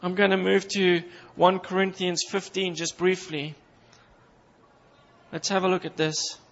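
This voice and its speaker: A high-pitched man preaching with fervent emphasis, building through repeated phrases. His voice rings out with a long reverb tail, as in a large hall, and the recording sounds somewhat dull and muffled. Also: flat delivery, unhurried. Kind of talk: sermon.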